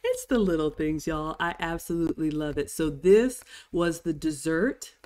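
Woman vlogger, lowish voice, gushing live-stream chat. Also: lively intonation, moderate pace, dark tone. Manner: gushing, chatty, reads viewer comments aloud. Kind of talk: live-stream commentary over cruise dining footage.

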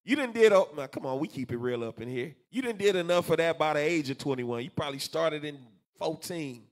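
This is a man teaching scripture to a congregation, his voice set high for a man and swinging widely up and down. He speaks, loose and colloquial. He keeps doubling his words to drive a point home. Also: a little fast. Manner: animated, colloquial, repeats words for emphasis. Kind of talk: preaching scripture class.

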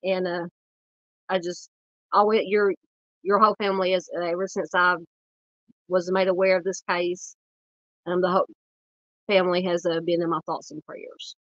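Southern woman streamer with a cold, nasal and scratchy, earnest and halting, dull lo-fi laptop sound. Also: lowish voice, flat delivery, a bit bright, no echo. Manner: earnest, halting, many fillers, greets chat by name. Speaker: true crime livestream host. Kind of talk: casual livestream talk.

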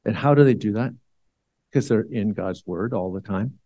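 A man's voice: on the low side, moderate pace, warm tone, no room sound, dull audio. A man, a church elder, giving a conversational Bible sermon with many fillers and restarts.

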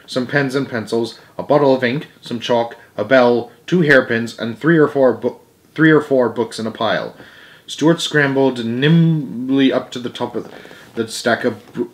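Man reading a storybook aloud. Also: mid-range voice. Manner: frequent slips and restarts, chatty asides. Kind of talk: reading a children's book aloud.

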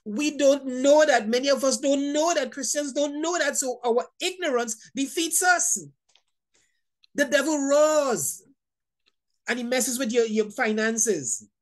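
Emphatic woman preaching, high-pitched. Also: a little slow. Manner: emphatic, repetitive, stammers on restarts, laughs often. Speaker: Bible teacher. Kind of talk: sermon teaching.

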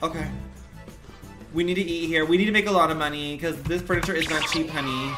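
A man's voice: on the high side, fairly quick, bright, forceful tone, soft background music. A man livestreaming a game with sassy, dramatic, profane self-talk. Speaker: streamer. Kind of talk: live gaming commentary.

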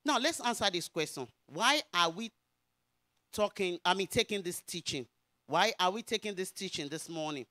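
Animated Nigerian woman pastor preaching. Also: lowish voice, normal speed, no echo, studio quality. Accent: Nigerian (Yoruba). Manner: animated, rising to emphatic preaching. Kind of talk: sermon with personal testimony.

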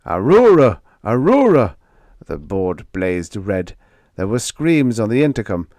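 A man reading a science fiction short story aloud in a measured, unhurried way. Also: deep voice, animated, dark tone, no room sound. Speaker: audiobook narrator. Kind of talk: scripted narration.

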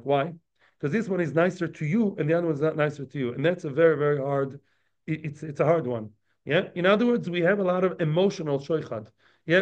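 A man with a fairly high voice teaches a daily Talmud class. He talks conversationally and checks in with his listeners through quick tag questions. The recording sounds muffled and lo-fi.

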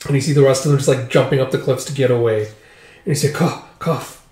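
A man's voice: medium pitch, fairly even intonation, fast, dark tone. A man casually retelling a comic, rambling and full of "like" and "uh". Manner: rambling, filler-heavy with "like" and "uh". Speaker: manga recap reader. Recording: roomy echo.

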